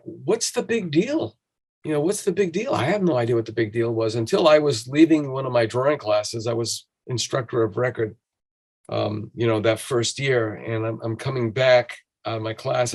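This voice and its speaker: Man telling animated stories. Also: mid-range voice. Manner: animated, acts out quoted voices, many restarts. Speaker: podcast conversation partner. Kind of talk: casual conversational storytelling.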